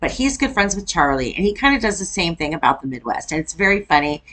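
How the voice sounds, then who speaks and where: A woman from Wisconsin hosts a casual reaction video. Her voice sits a bit low and she talks in a chatty way, often breaking into exclamations. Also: very animated, quick pace, a bit bright, low-quality recording. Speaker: YouTube reaction host.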